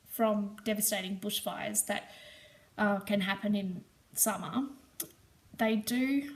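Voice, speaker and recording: An Australian woman hosting a knitting podcast, gushing in a casual, rambling way, her voice squeaky and hoarse from smoke. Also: a little mellow. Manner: gushing, enthusiastic, rambling with ums. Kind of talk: casual show-and-tell chat.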